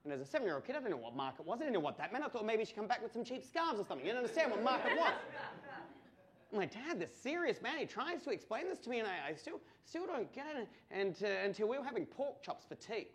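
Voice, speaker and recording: High-voiced Australian man doing stand-up. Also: fast, slight background noise. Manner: animated, crude storytelling with swearing and mock outbursts. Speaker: stand-up comedian. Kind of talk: stand-up comedy storytelling.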